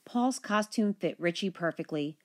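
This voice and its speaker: A woman teacher reading a children's picture book aloud, with expressive, animated storytelling. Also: lowish voice, moderate pace.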